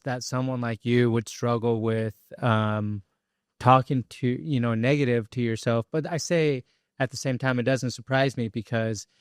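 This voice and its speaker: Thoughtful male podcast host, smooth voice. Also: medium pitch, dry recording, clean studio sound. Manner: thoughtful, measured, with "um" pauses. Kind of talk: interview conversation.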